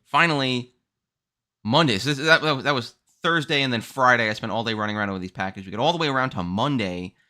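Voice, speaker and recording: A man hosting a podcast, telling stories in a casual, animated, ranting way. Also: medium pitch, quick pace. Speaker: podcast host. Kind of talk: casual chat.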